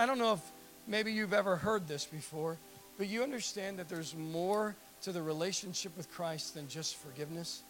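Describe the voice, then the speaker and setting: A man with a very high, bright voice preaches to his congregation. He acts out little scenes and keeps putting direct questions to the listeners. Faint music plays under his sermon. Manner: animated preaching with acted-out dialogue, repeated direct questions to the congregation. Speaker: pastor.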